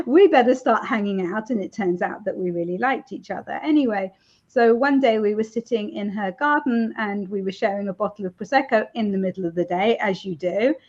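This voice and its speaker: A woman author chatting in an interview, laughing often and filling pauses with ums. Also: medium pitch, a little mellow. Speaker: romance author, interview guest. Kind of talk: casual interview chat. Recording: dull lo-fi sound.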